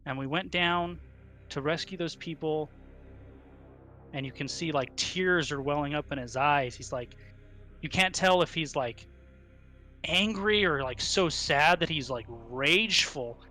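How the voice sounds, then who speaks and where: A man runs a tabletop game, narrating hesitantly with many fillers and restarts. His voice is slightly high and bright, with faint music behind him. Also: measured pace. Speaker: game master.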